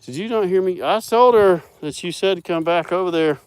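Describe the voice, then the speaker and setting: A man voicing a bossy, protective mother cow in a high, scolding voice. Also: normal speed, darkish tone, clean tone, no room sound, lightly acted.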